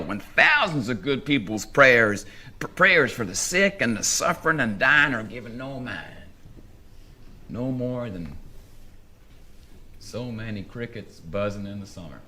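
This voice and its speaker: A man with a lowish, bright-edged voice reads a story aloud in a slow Southern US drawl. He tells it in the first person with a wry, unhurried ease. A faint hiss sits under the voice. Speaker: reader. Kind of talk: live dramatic reading of a story.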